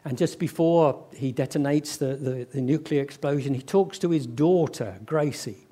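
A man preaching a sermon, telling stories and acting out the voices of people in them, slowing down for emphasis. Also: mid-range voice, mellow. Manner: storytelling, acts out quoted voices, slows for emphasis.

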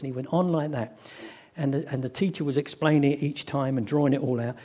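Male preacher, mellow tone, lively storyteller voicing characters. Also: medium pitch. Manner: storytelling, acts out quoted voices, slows for emphasis. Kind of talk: sermon.

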